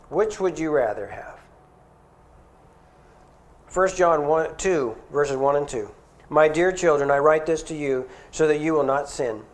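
A man's voice: fairly high pitch, measured pace, long pauses. A middle-aged man preaching a sermon in an earnest, conversational way, asking his listeners questions.

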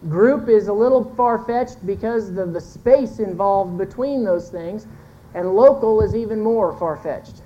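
A woman's voice: mid-range voice, a little slow, mellow, muffled recording. A woman giving a folksy, earnest sermon-style talk to a church congregation, pointing to a chart and correcting herself as she goes. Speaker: church speaker teaching with a chart.

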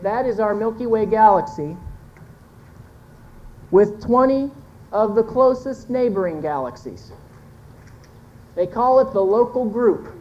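Pointing to a chart and correcting herself as she goes, a woman delivers a folksy, earnest sermon-style talk to a church congregation. Her medium-pitched voice is animated with a dark tone, a little slow with frequent pauses, and the audio is dull with slight background noise.

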